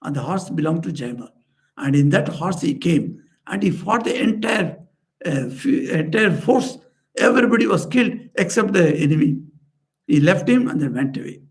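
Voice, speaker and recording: Swami for a sermon: man, higher voice with grit, earnest parable teller. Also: animated, moderate pace. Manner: earnest storyteller, lifts pitch for quoted characters. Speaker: swami giving a spiritual talk. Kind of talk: storytelling sermon. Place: society house room.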